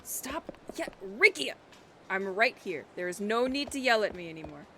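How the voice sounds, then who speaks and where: Animated woman streamer, jokey. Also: mid-range voice, normal speed, background noise. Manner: jokey, teasing, talks back to game characters. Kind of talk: playful let's-play commentary. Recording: game music playing behind.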